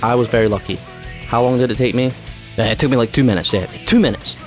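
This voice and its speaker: A man runs through a game plot in a casual, sarcastic recap, sounding openly fed up with it. His pitch is average, and guitar music plays clearly behind him. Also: fast. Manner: sarcastic, exasperated. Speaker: game commentator.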